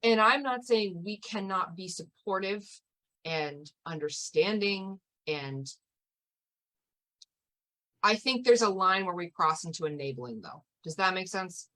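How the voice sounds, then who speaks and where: A woman speaks in a casual podcast conversation at a mid-range pitch. She talks thoughtfully, hedging her views and laughing often. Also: lively intonation, a little slow, a bit bright.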